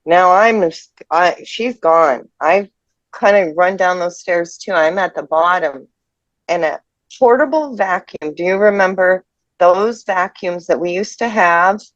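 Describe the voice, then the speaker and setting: A tearful woman in her fifties telling a personal ghost story in a halting, emotional way. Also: fairly low pitch, no room sound. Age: 50s. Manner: halting, emotional, restarts mid-sentence. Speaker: person sharing a ghost experience. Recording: dull lo-fi dry audio.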